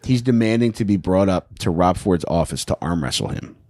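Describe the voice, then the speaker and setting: A man's voice: deep voice, lively intonation, fairly quick, darkish tone, no echo. A man casually telling a story on a podcast, laid-back, swearing and saying "dude" a lot.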